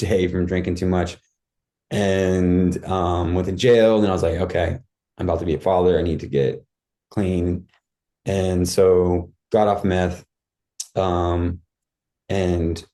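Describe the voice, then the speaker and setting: Deep, mellow-voiced man telling his story. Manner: candid, rambling, many fillers and restarts. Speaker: podcast guest. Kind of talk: casual storytelling.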